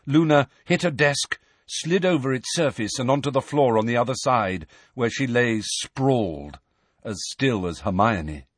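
A man narrates an audiobook in an expressive, lively voice that rises and falls with the story. His voice is slightly husky, and the recording is close and dry. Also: mid-range voice, measured pace, no echo. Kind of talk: scripted narration.

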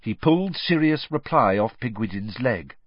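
A man reading a novel aloud as an audiobook narrator in an expressive storytelling manner. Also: medium pitch, normal speed, slightly rough, no room sound. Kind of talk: scripted narration. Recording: dry, slightly muffled.

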